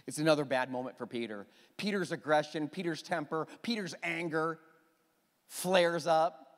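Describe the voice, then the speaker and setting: A man preaching a sermon as pastor, emphatic and animated, with quick asides to the congregation. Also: fairly high pitch, in a large hall.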